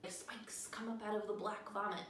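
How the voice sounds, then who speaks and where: Bright, animated young woman recapping a film. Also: medium pitch, brisk. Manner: animated, jokey, acts out quotes. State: tipsy from wine. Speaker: podcast host. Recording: echoey room, distant mic, faint noise.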